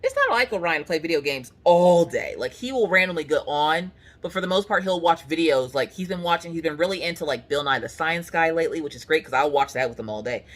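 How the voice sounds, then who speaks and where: A woman chats casually to the camera. She tells stories with plenty of animation and acts out the people she quotes. Her pitch swings widely from high to low. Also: fast, few pauses. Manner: animated storytelling with voiced quotes. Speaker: craft vlogger. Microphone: camera on the couch.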